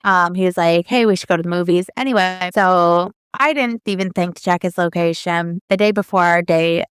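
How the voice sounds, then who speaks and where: A woman in her thirties tells a personal story on a podcast with a smooth, somewhat low voice. She chats loosely, packs in fillers and acts out what each person said. The sound is dry and close. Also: moderate pace, no echo. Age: 30s. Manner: chatty, lots of fillers, quotes people in her story. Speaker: podcast co-host. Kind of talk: casual storytelling.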